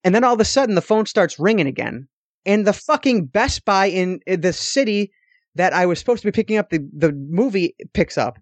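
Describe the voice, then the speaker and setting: A man's voice: high voice, animated, fairly quick, no echo. Profane, ranting young man on a podcast. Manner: profane, exasperated ranting storyteller. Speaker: podcast co-host. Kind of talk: casual chat.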